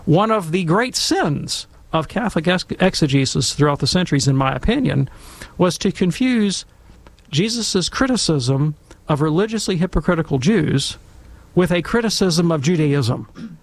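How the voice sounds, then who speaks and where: A man talking casually and emphatically, telling stories and giving commentary in an animated, conversational way. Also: a little high, normal speed, dry recording.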